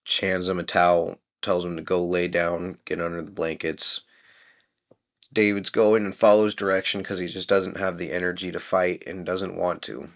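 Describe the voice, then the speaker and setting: A man's voice: sits low, little pitch movement, moderate pace. A man casually recapping a book chapter and musing aloud with questions about it. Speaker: book discussion host.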